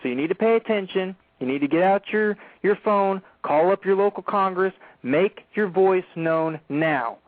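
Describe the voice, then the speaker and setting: Emphatic talk-radio host, phone-like sound. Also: male voice, high voice, moderate pace, hardly any pauses, dry recording. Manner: emphatic, preachy, addresses listeners directly.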